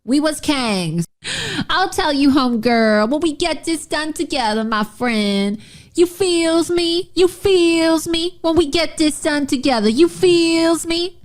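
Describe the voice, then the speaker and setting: A mocking impression of a politician, pitched up and stretched slow, sing-song and exaggerated, as a woman puts it on. The words drag out lazily. Each phrase rises. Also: animated. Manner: drawn-out, sing-song mockery. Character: mocking impression of a female politician's slangy drawl.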